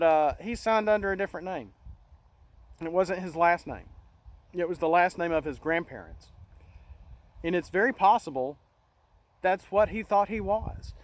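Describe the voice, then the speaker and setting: A middle-aged man hosting a casual monologue, talking in an earnest, halting way with many restarts. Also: on the high side, rough recording. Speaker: channel host.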